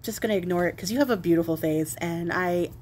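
A woman's voice: on the low side, fast, a little mellow, slight background noise, pitched below the performer's own voice, lightly acted. A woman voicing a baffled king who talks in an exasperated, profane way. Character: baffled relieved king, middle-aged man.

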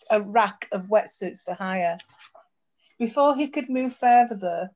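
Woman reading her own story. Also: medium pitch. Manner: steady narration with occasional slips. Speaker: author reading her fiction. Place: home, video call. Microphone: computer mic on a video call. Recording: dull lo-fi video call audio.

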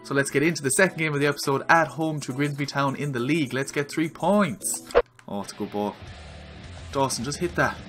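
Excitable Irish man commentating a football game. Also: fairly high pitch, a little fast, soft background music. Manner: excitable, yells at the screen during attacks. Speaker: gaming video creator.

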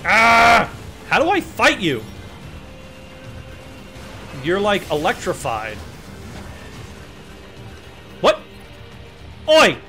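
A man streaming a video game, talking in a slightly high voice that jumps around in pitch. He rambles and gets excited as he plays, and soft game music runs underneath him. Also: extremely slow, long pauses. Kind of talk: let's play commentary. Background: faint game music.

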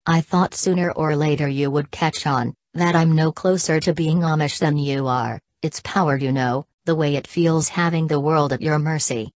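A woman voicing a cold, boastful young male villain in an audiobook, reading in a flat, literal way. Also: low voice, moderate pace, hardly any pauses, no echo, natural voice. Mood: cold, taunting. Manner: reads punctuation marks aloud.

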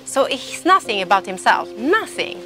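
A woman's voice: fairly high pitch, very animated, bright, forceful tone. A woman from Sweden gives a personal faith testimony in English. She speaks with emotion and stops and restarts her sentences often. Faint music plays behind her. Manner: emotional, halting, with frequent restarts.

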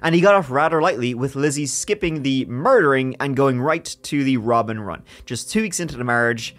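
A man's voice: medium pitch, fairly quick, a bit bright. A man co-hosting a podcast, telling a true-crime story in a casual, joking way. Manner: joking, laughs between story parts. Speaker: podcast co-host.

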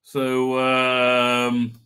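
A man's voice: mid-range voice, completely flat delivery, extremely slow, sharp tone, clean tone. A middle-aged man hosting a live stream, rambling casually, swearing and chuckling as he reads comments. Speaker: livestream host.

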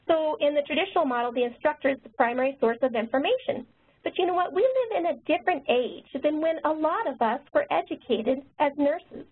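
A woman nurse educator and author who talks quickly, presenting a webinar. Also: high-pitched. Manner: fast-talking. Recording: tinny phone-line webinar audio.

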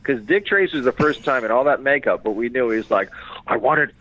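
A comedian chatting by phone, animated and quick to slip into impressions, on a tinny phone line. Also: male voice, mid-range voice, no room sound. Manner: animated, keeps slipping into impressions. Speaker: comedian guest. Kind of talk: casual phone interview.

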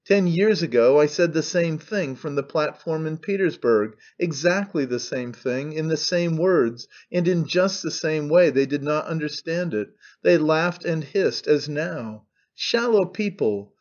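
A man voicing an excitable, pompous old male orator who declaims grandly and defiantly. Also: on the high side, a little slow, hardly any pauses, muffled recording. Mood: declaiming.

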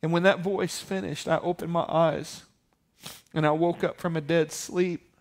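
Male pastor, high-pitched, storytelling sermon that rises to forceful preaching. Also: little pitch movement, unhurried. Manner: storytelling, building to loud emphatic preaching.

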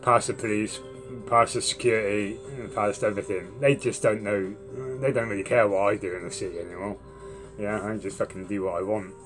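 A young man with a low voice tells a long, rambling story, swearing freely as he goes. Faint music sits quietly under his voice. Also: a little fast. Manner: swears a lot, rambling and animated when retelling. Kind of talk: casual storytelling monologue.

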